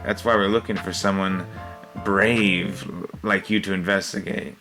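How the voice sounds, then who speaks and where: A man's voice: low voice, fairly even intonation, unhurried, over music. A man voicing a timid pleading noblewoman. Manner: earnest, pleading. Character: pleading well-dressed woman, timid.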